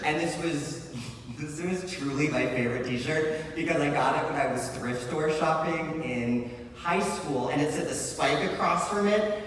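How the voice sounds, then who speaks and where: Animated male storyteller in an echoing hall. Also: mid-range voice, distant mic, slight background noise. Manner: animated, breathless, laughing at himself. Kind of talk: live storytelling on stage. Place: large live venue. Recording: echoey hall, heard from afar.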